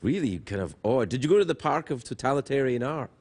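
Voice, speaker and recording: A man hosting a late-night talk show, bantering with his guest and cracking deadpan jokes in a TV studio. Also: mid-range voice, quick pace, breathy edge.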